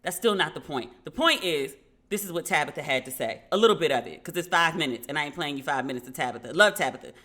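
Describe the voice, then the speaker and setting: A woman hosting a podcast, telling stories in a casual, animated way and acting out the dialogue she quotes. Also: sits low, fast talker. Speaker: podcast host. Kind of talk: casual commentary.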